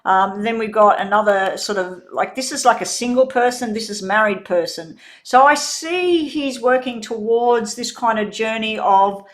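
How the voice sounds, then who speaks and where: A woman giving a live-stream tarot reading, talking in a relaxed, rambling way as she eats and sets out cards. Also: on the high side, moderate pace, few pauses. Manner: relaxed, rambling, chats while eating. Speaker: tarot reader.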